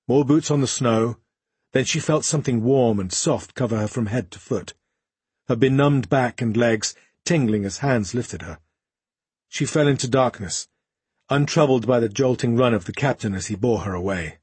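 A man reads an audiobook aloud in a steady storytelling manner. His voice is husky and breathy at the edges, at an ordinary pitch. The recording is dry and close. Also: normal speed, no room sound. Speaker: audiobook narrator. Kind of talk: scripted narration.

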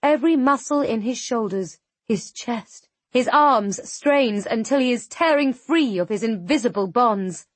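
Slow, measured woman audiobook narrator. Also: fairly high pitch, animated, no echo. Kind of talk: first-person audiobook narration.

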